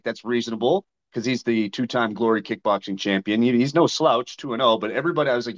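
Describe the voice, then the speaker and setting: A Canadian fighter, appearing as a guest in a casual interview, speaks bluntly at a medium pitch and a fast clip with hardly any pauses. He tells stories and acts out both sides of the conversations he recounts. The audio sounds dull.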